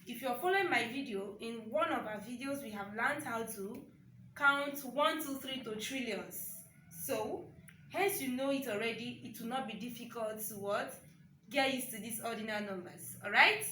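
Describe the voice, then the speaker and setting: Woman teacher, bright voice, patient and repetitive, frequent "okay?" check-ins, recorded at a distance. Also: fairly high pitch, normal speed, reverberant, a little hiss or hum. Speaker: French teacher. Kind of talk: online language lesson.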